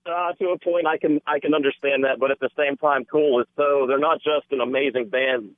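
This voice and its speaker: A man calls in to a radio show, gushing with passion in a mid-pitched voice. The sound comes over a tinny, dry phone line. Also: steady tone, brisk, no echo. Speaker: caller. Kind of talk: call-in radio talk. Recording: phone-line call-in audio.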